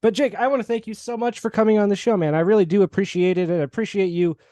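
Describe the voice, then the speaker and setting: A man hosting a gaming league podcast, chatting in an excitable, jokey way with lots of restarts. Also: sits high, rapid-fire, dry recording. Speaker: podcast host. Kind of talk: casual podcast chat and wrap-up.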